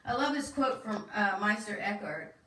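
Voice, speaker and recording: A woman's voice: mid-range voice, expressive, normal speed, bright, forceful tone, a little hiss or hum. A woman minister giving a sermon in a church, talking conversationally and asking the congregation questions. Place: church sanctuary. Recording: echoey room from far off.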